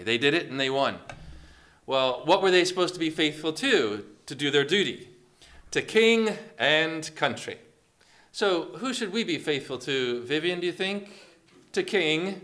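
A man's voice: fairly high pitch, sharp tone. A man preaching a sermon, asking the congregation questions and acting out quotes along the way. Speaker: pastor.

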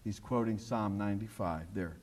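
A male pastor preaching a sermon, emphatic and repetitive, often dropping to a low, quiet voice for asides. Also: moderate pace. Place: church broadcast on radio and online.

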